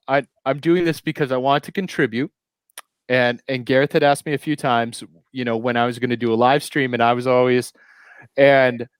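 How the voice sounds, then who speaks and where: A man from New England hosts a live stream over a headset, rambling through profane anecdotes in casual chat full of swearing. His mid-range voice is clear and resonant, recorded dry.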